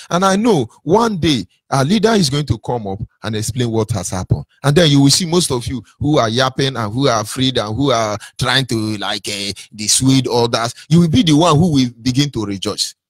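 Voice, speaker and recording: A man's voice: mid-range voice, no echo, studio quality. A man with a Nigerian accent giving an impassioned address to listeners on a call-in line, preaching and firing off rhetorical questions. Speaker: movement speaker on a call-in line.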